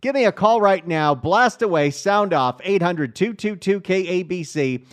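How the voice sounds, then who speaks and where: A middle-aged man with a high, animated voice hosts a call-in talk radio show at a moderate pace. He's chatty and upbeat as he takes calls, often reading out the phone number, on a studio microphone.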